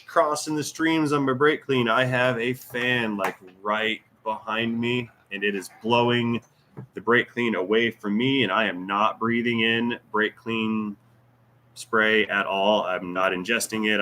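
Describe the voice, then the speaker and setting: Rambling joking Floridian guy, bright voice. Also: fairly low pitch, slight background noise. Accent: Floridian Southern. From American South. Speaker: mechanic and channel host. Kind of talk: casual livestream Q&A chat.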